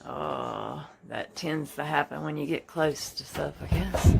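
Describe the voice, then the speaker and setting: A woman's voice: sits low, fairly even intonation, normal speed, creaky, heavy background noise. A young woman films her own house on a handheld phone, talking in a frantic, rambling way and swearing a lot. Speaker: home video filmer. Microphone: phone held in hand.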